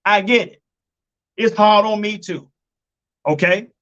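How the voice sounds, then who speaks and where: A man's voice: high voice, unhurried, fairly bright tone, muffled recording. A man giving blunt, profane relationship commentary, repeating his points and calling his listeners folks and family.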